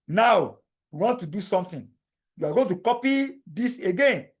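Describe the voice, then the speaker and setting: A man teaching a software tutorial as a voice-over on a screen recording. He speaks to the viewer directly, explaining each step slowly and repeating points to make sure they land. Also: high-pitched, expressive. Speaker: tutorial instructor.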